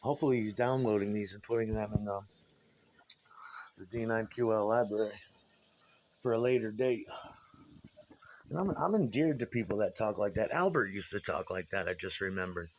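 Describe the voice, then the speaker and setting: There's slight background noise as a man with a lowish voice talks briskly and with animation. He tells meandering, swear-filled tales about his old band, often starting sentences over.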